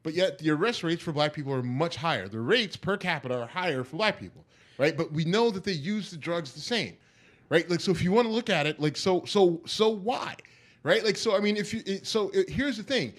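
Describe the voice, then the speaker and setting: A man's voice: on the high side, animated, fairly quick. A man co-hosting a podcast, arguing his point emphatically in casual chat and checking in with "right?". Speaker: podcast co-host.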